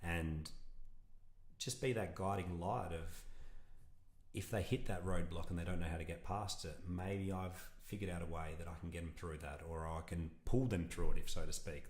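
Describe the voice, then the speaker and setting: A man's voice: sits low, roomy sound. A man, a podcast guest talking earnestly and reflectively in a casual interview, rambling with restarts. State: emotional.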